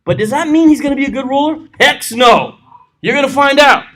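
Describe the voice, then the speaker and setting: Man, pastor, lively swooping delivery, high voice, jokey Bible study teaching. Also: brisk. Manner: animated, joking asides, reads scripture aloud. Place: church.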